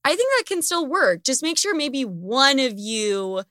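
A young woman hosting a casual podcast chat, animated and candid, swearing freely. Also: high voice, unhurried, no room sound, studio quality. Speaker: podcast host.

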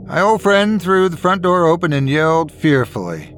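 A man narrating a first-person horror story in a dramatic, expressive way. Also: a little high, moderate pace, faint music behind.

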